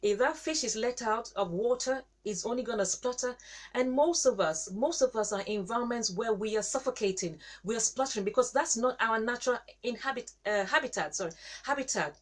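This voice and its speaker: A woman hosting a show, giving a devotional teaching talk, repeating herself and pausing with fillers. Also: on the high side. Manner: repetitive, halting, with many fillers. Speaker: show host and Christian teacher.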